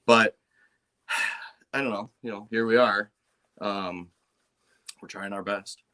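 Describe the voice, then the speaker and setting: A man's voice: fairly low pitch, fairly even intonation, takes it slowly, bright, forceful tone. A man hosting a casual podcast chat, rambling and joking. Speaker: show host.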